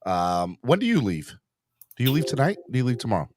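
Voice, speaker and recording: A man hosting a sports podcast in casual chat, rambling and excitable, often restarting his sentences. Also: medium pitch, fairly quick, no room sound, studio quality. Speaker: podcast host.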